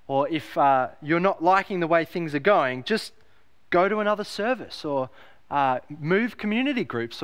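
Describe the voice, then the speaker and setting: A man preaching with emphasis, his voice sitting a little higher than most men's. He repeats key phrases and asks the congregation rhetorical questions, lifting his voice on quoted lines. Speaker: pastor. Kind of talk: sermon.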